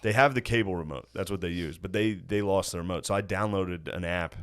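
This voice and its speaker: A man's voice: low voice, brisk, a bit bright, clean tone. A man hosting a podcast, telling profane stories with a lot of laughter in casual chat. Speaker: podcast host.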